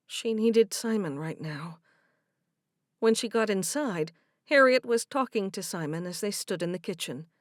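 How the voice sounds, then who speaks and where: A woman reading a romance audiobook in even, measured scripted narration. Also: medium pitch, dry recording, clean studio sound.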